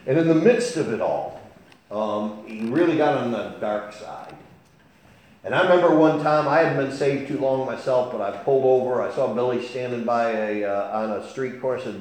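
A man preaching a sermon as pastor, telling folksy stories with an animated delivery. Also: mid-range voice, moderate pace. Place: church sanctuary. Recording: very echoey church hall.

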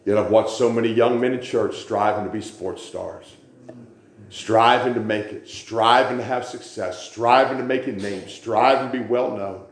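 A man's voice: on the low side, moderate pace, echoey room. A man preaching a sermon, telling stories and repeating phrases for emphasis.

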